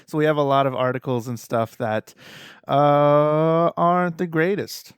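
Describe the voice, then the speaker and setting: A man's voice: a little high, fairly even intonation, a little slow, clean tone, no echo, studio quality. A man co-hosting a podcast, talking in an easygoing, hesitant way with ums. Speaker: podcast co-host. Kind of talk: casual chat.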